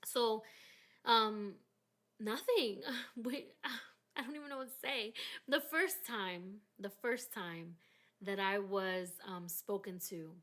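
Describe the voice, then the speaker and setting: Woman hosting a faith podcast, animated. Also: mid-range voice, slow pace. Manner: animated, emotional storytelling. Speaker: podcast host. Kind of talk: faith-focused casual chat.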